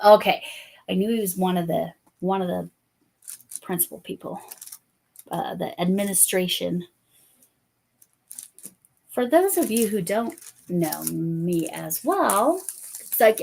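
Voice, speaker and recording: A woman's voice: lowish voice, animated, measured pace, vocal fry, pauses often, husky. A woman in her fifties hosting a crochet channel, chatting casually with viewers by name while she crafts, often correcting herself.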